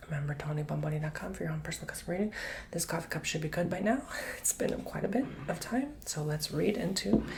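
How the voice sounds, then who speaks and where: A man giving a soft-spoken ASMR tarot and coffee cup reading, chatty and rambling, with casual slang and whispered asides. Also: a little high, fast, gravelly, a little hiss or hum.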